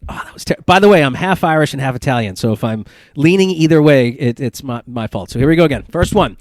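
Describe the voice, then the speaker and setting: A man's voice: medium pitch, expressive, quick pace, darkish tone, no room sound, clean studio sound. A man hosting a comedy podcast, playful and profane, running a quiz game with his guests. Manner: playful, swears freely, runs a game. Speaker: podcast host. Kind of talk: casual comedy chat.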